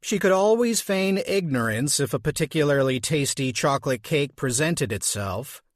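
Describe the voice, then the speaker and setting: A man reading an audiobook as narrator, with slow, measured delivery. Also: fairly high pitch, lively intonation, no echo. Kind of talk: scripted narration.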